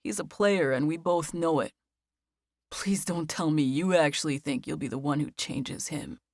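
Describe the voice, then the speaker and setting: A woman's voice: sits low, normal speed, darkish tone, no echo, clean studio sound. A woman narrator voicing a jealous, clingy young man who speaks in an insistent, warning tone. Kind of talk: audiobook character voice.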